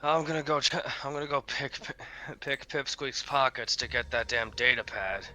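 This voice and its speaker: A man's voice: medium pitch, normal speed, pushed and bright, slight background noise. A man playing a tabletop game, brash and swearing freely. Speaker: player. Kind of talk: casual tabletop game talk.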